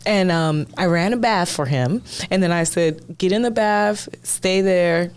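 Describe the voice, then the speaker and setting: A woman in her thirties co-hosting a podcast, chatting casually with lots of laughs and quick affirmations. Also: on the low side, smooth. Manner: warm-humored, giggly, affirming listener. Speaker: podcast co-host. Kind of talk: casual chat.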